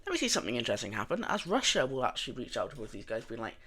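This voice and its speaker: A young man giving a casual voice-over narration of a map scenario, relaxed and rambling with many fillers and restarts. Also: medium pitch, very fast, slightly rough. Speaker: mapping video narrator.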